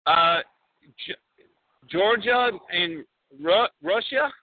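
A man putting on the voice of a bumbling foreign male reporter in broken, halting English, over a tinny phone line. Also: a little high, lively intonation, no echo. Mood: excited, bumbling. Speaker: prank caller.

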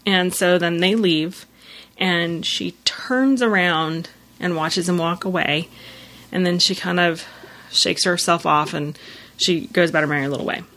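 A woman with a slightly low voice chats through a plot recap. She talks loosely and easily, scattering fillers as she goes. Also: measured pace, fairly bright tone. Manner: retells scenes with many "you know" fillers and acted-out quotes. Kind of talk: casual episode recap.

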